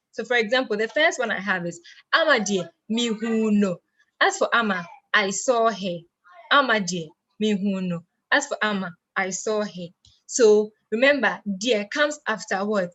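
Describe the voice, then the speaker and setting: A woman's voice: mid-range voice, a bit bright. A woman teaching an online language class. She talks patiently in a mid-range voice, breaks each point into small steps and poses questions that she then answers herself. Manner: patient, explains step by step, asks and answers own questions.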